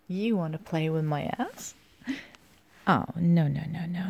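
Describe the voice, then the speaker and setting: Slow, gravelly German-accented woman teasing. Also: on the low side, a little mellow. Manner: teasing, giggly, often drops to a whisper. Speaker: audio role-play performer. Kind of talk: flirty audio role-play.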